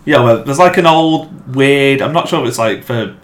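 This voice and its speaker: A young man, casually telling a story among friends, animated and laughing often. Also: medium pitch, normal speed. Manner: animated, swears freely, laughs through the story. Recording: echoey room with faint ambient noise.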